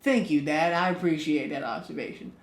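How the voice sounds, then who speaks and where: A man co-hosting a casual podcast, telling stories and rising loud for punchlines. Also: fairly high pitch, a little fast. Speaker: podcast co-host. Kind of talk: casual chat. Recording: echoey room.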